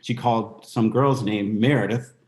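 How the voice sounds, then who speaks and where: A man in his fifties from the United States, introducing himself on a video call in a soft, halting, storytelling way. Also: on the low side, steady tone. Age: 50s. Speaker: guest dancer. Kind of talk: casual video-call interview. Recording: roomy echo.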